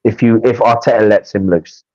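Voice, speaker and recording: Male fan co-host, animated, stumbling chat; lo-fi, dead-dry sound. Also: lowish voice, normal speed, dry recording. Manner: animated, frequent restarts and stumbles. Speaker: football podcast co-host. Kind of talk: casual fan match preview chat.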